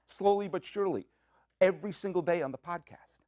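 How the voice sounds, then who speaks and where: A man hosting his own podcast, talking in an excitable, jokey, rambling way with quick asides from a community media studio. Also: high voice, dry recording. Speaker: podcast host. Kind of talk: comic solo podcast monologue.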